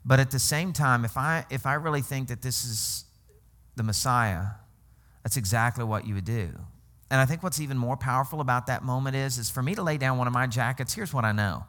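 A man's voice: medium pitch, a little fast, a bit bright. A man from Arkansas preaching a sermon as pastor, in a conversational way, often checking in with "okay?" and laughing as he teaches.

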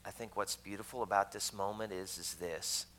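A man's voice: low-pitched, steady tone, normal speed, a bit bright, slight background noise, rough recording. A man preaching a sermon to a congregation in a church, talking to them conversationally with jokey asides. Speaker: pastor.

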